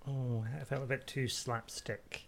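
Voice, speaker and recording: A man's voice: medium pitch, flat delivery, measured pace, gravelly. A man co-hosting a casual film chat, joking and offhand. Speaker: podcast co-host.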